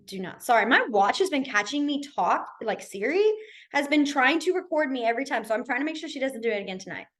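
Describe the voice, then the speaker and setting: A woman's voice: high voice, expressive, quick pace, a bit bright. A young woman casually teaching a beginner sign language class online, chatty with many fillers. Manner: chatty, lots of fillers, demonstrative.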